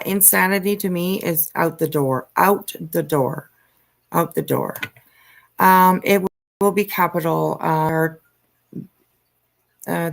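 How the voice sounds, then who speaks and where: A woman hosting a livestream, reading news aloud and commenting in a halting way with frequent ums and uhs. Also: fairly low pitch. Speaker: livestream host.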